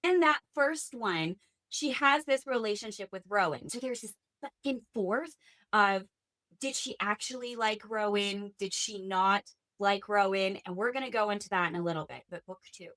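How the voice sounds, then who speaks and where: A woman's voice: medium pitch, moderate pace, fairly bright tone. A woman hosting a podcast, chatting casually and enthusiastically about fantasy books and swearing now and then. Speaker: podcast host. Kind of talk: casual book chat.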